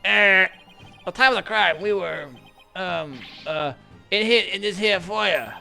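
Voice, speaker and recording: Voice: mid-range voice, measured pace, gravelly, bright, forceful tone, soft background music, exaggerated voice. A streamer voicing a meek, nervous male assistant who stammers and hesitates, reading game dialogue aloud. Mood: flustered.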